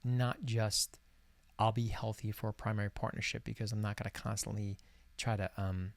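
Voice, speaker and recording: A man in his late forties hosting a guided reflection, talking softly and earnestly to the camera. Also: on the low side, level tone, moderate pace, gravelly, no echo. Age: 40s. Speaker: self-help video host. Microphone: camera recording alone.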